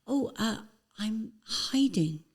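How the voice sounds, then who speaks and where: A woman's voice: fairly high pitch, lively intonation, takes it slowly, heavily acted. A woman doing a cheeky young footballer lad. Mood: sheepish. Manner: playful, sheepish. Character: cheeky young male footballer caught hiding.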